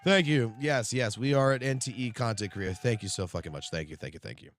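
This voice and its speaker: A man hosting a live stream, chatting casually and excitably with plenty of profanity, straight to his chat. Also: medium pitch, quick pace, a little hiss or hum. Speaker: livestream host. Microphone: studio streaming mic.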